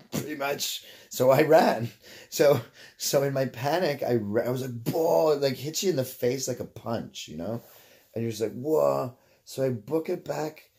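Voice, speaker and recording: Canadian man, lower voice, loose profane vlog storyteller who drifts into tangents. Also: a little mellow. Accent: Canadian English. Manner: swears freely, drifts off on tangents, laughs mid-story. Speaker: vlogger. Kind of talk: rambling casual storytelling.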